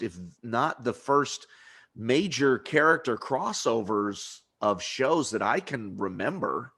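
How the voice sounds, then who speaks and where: A man hosts a podcast interview in a loose, chatty way. He restarts his sentences constantly and laughs often, and his voice sits at an ordinary middle pitch. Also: fairly bright tone. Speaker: podcast host. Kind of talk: casual interview chat.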